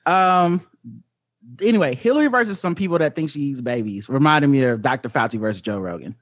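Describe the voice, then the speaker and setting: A man's voice: brisk, no echo, studio quality. A man in casual chat, telling stories with lots of laughter and acting out the people he quotes. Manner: animated, acts out quotes with big pitch swings.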